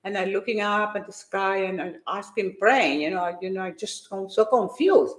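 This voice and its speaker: A woman and fitness competitor giving an emotional, animated personal faith testimony. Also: medium pitch, moderate pace, reverberant.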